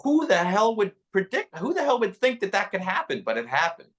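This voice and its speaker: A man's voice: high voice, fairly quick. A male comedian casually telling a story, acting out what people said in different voices. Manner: animated, acts out quotes with voices. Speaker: comedian and podcast guest.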